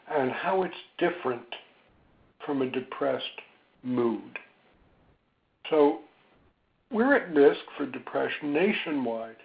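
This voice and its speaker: A man speaking as a psychologist in a webinar, gentle and reflective, with many ums and pauses. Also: mid-range voice, vocal fry. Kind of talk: slow, thoughtful webinar talk. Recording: tinny phone-line sound.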